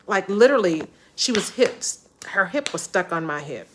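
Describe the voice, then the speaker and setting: A woman's voice: on the low side, fairly quick, hardly any pauses, a little hiss or hum. Chatty woman vlogger telling a story. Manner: chatty, animated, laughs often. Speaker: travel vlogger. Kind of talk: casual storytelling vlog.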